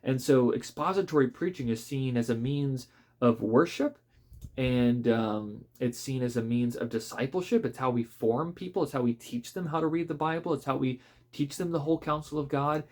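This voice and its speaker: Man, pastor, casual book review, conversational, mid-pitched voice, ums and restarts. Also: normal speed, darkish tone. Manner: thoughtful, conversational, many fillers and restarts.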